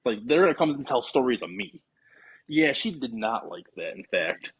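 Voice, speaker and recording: A man's voice: mid-range voice, normal speed, husky. A man casually telling a long story on a podcast, acting out what he and his friends said. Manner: animated storyteller, acting out his own quotes. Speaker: podcast guest.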